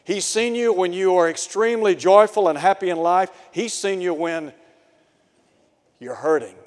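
A man's voice: sits high, a little mellow. A man preaching a sermon in an earnest way, asking his listeners rhetorical questions. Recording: long hall reverb.

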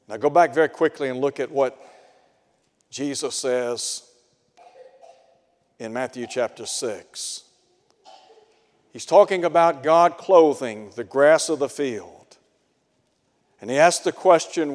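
A male radio preacher who speaks slowly and deliberately, with a voice set a little high for a man. He leans on rhetorical questions as he preaches. A long hall reverb trails behind each phrase. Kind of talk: radio sermon.

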